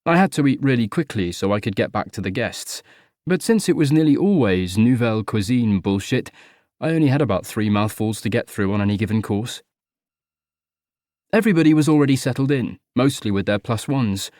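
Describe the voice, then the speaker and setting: A man's voice: mid-range voice, animated, brisk, a little mellow, no room sound. Man narrating wryly, close and dry. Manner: wry, conversational. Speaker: audiobook narrator. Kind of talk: first-person audiobook narration.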